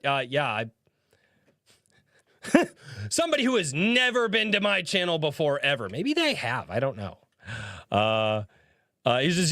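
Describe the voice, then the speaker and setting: A man's voice: high-pitched, sing-song, measured pace, pauses often, pushed and bright, no room sound, studio quality. A man streaming live, reading viewer comments aloud, laughing often and swearing freely in an amused, mocking way. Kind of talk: casual live-stream chat.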